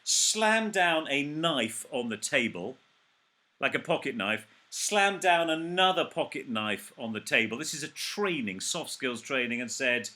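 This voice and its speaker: Bright, playful man host. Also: fairly high pitch, very animated, moderate pace. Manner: playful, teasing banter. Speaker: podcast host, trainer. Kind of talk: casual chat.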